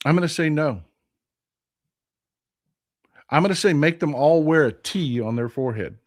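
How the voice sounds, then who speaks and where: A man with a Texan drawl delivers political commentary in a vlog, his somewhat high voice rising and falling with lively swings. He talks bluntly and passionately, swears freely, and hammers his points home by repeating phrases. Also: normal speed. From Texas. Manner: impassioned, blunt and profane, repeats phrases for emphasis. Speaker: host.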